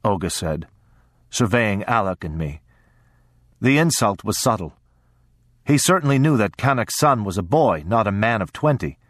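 A low-pitched man narrates a first-person story in a measured, steady audiobook reading. The sound is close and dry, with no room echo. His delivery stays even and unhurried.

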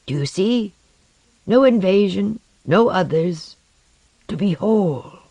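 A man's voice: sits high, expressive, slow, warm tone, no room sound, voice pushed up, heavily acted. A sardonic, jeering man whose voice climbs and swings with feverish energy, morbid and eager by turns, as a narrator puts him on. The storytelling is close and dry, with nothing around the voice. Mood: mocking. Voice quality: mocking, bitter. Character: intense, mocking male empath.

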